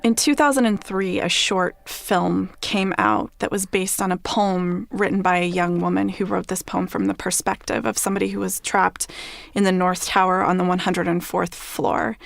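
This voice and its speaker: Woman interviewer, measured questions, gravelly voice, dry sound. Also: on the low side, steady tone, no echo.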